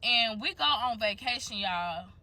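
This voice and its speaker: Bright-voiced young woman telling a story. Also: fairly high pitch, animated, unhurried. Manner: candid, profane, chatty storytelling. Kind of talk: casual storytime to viewers.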